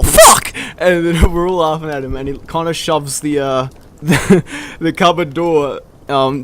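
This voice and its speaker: Brief: young guy, casual storyteller, laughs and curses a lot, mid-pitched voice. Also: a little hiss or hum. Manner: profane, laughing, animated quoting of friends. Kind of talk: casual anecdote telling.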